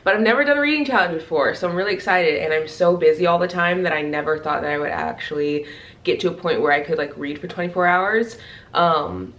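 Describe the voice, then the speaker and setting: A woman's voice: fairly low pitch, expressive, fast talker, a bit bright, recorded from a distance, low-quality recording. A woman of thirty chatting casually to camera as a book vlogger, peppering her talk with "like" and "literally.". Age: 30s.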